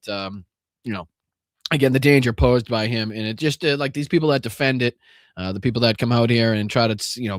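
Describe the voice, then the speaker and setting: Hosting a live political podcast, a Boston-accented man with a medium-pitched, fairly bright voice speaks bluntly and with profanity, using many fillers and restarts. The recording is studio quality without echo.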